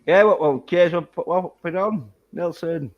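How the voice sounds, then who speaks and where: A man's voice: high-pitched, normal speed, muffled recording. Chatty British-accented male host. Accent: British English. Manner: chatty, swears casually. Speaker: livestream host. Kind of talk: casual livestream chat.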